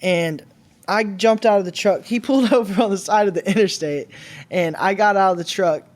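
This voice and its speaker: A man's voice: high voice, moderate pace. A man in his twenties, a podcast guest, telling his own life story in a candid, conversational way with some restarts. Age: 20s. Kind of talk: personal storytelling.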